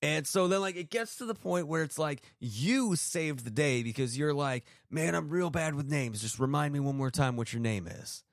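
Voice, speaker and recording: A man's voice: fairly high pitch, lively intonation, normal speed, few pauses, no echo, studio quality. A man co-hosting a podcast, telling a story in casual chat, full of fillers and acted-out quotes. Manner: rambling storyteller, acts out quotes, many fillers. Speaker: podcast co-host.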